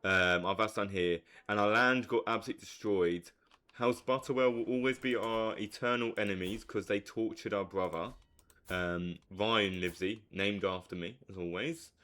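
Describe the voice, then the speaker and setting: A young man giving live commentary on a strategy game, swinging from low muttering to hyped outbursts. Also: moderate pace, pushed and bright. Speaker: streamer.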